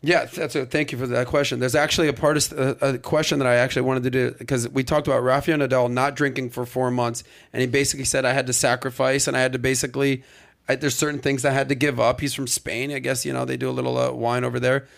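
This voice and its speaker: Gravelly, animated podcast host. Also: male voice, medium pitch, fast. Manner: animated storyteller, acts out quotes. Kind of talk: casual chat.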